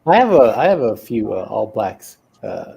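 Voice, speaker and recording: Gravelly, mellow-voiced man chatting. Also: on the low side, very animated, moderate pace, low-quality recording. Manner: laughing, rambling storyteller. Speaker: artist on a drawing livestream. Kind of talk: casual storytelling chat.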